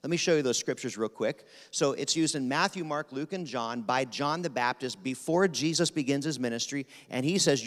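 Rapid-fire preacher in a reverberant hall. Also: male voice, medium pitch. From Pennsylvania. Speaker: guest preacher. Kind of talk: sermon. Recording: long reverb of a large hall.

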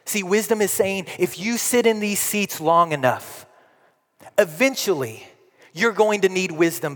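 A male pastor preaching a dramatic sermon, moving from forceful declarations to hushed, slow, emphatic repetitions. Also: high voice. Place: church sanctuary. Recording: long reverb of a church hall.

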